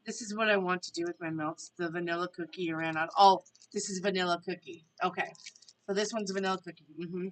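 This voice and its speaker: A tarot reader hosting a casual live stream chats with her viewers and reads their questions out loud. Her voice is on the low side and steady, and she talks fast. The recording quality is low.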